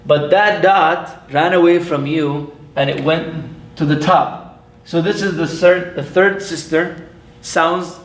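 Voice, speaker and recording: A man, an imam, teaching a classroom lesson, patient and playful, repeating sounds slowly for his students. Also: a little high, a bit bright. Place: mosque classroom. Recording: echoey room.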